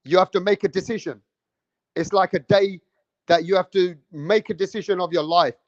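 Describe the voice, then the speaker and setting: A man, hosting a livestream and loudly teasing and daring his chat, swearing freely. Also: high voice, steady tone, normal speed, dry recording, dull audio. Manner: loud, teasing, swears a lot, goads the chat. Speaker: livestream host.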